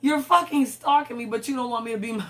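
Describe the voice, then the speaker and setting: A woman's voice: on the high side, fast talker. A young woman, recapping a reality show in casual, blunt and profane commentary and acting out the lines she quotes.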